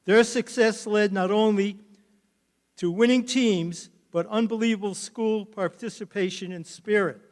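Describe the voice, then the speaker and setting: With a voice that sits high, an older man, once a coach, stumbles emotionally through his speech at a hall of fame induction.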